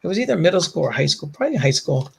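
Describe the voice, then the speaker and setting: Gravelly Bronx man telling stories. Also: on the high side, very fast. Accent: Bronx New York. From the Bronx, New York. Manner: rambling, animated storytelling with frequent fillers and laughs. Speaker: comic creator guest. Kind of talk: casual chat.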